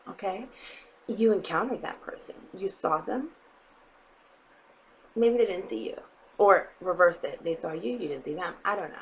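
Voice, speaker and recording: A woman's voice: fairly low pitch, animated, moderate pace, pauses often, slight background noise, rough recording. A woman giving a casual tarot reading to her viewers, blunt and emphatic, swearing freely and often checking in with "okay?". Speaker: tarot reader.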